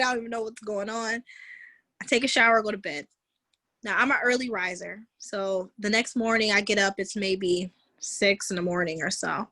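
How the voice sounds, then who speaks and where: A woman guest telling a personal story in a conversation, animated and vivid, leaning on "like" and "honey". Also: mid-range voice, no echo. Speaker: guest, founder of a moms' group.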